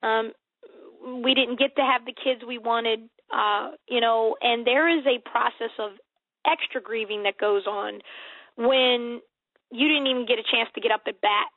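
A woman's voice: fairly high pitch, normal speed, dry recording, narrow, tinny audio. An American woman in her forties, a guest author talking earnestly and emphatically in a faith-based interview, often repeating words as she thinks. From United States.

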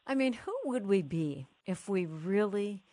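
A woman's voice: mid-range voice, lively intonation, a little slow, warm tone, dry recording. A woman hosting an interview, talking casually and enthusiastically. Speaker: host. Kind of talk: casual chat.

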